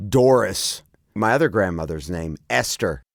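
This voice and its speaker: Male podcast host, playful, slow and animated, dry sound. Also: low voice, creaky, dry recording. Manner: playful, laughs often. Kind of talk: casual chat.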